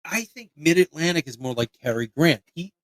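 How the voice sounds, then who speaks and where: A man's voice: fairly high pitch, lively intonation, brisk, a bit bright, no room sound, low-quality recording. Profane rambling Philly man. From Philadelphia area, US. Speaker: podcast host. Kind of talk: casual chat.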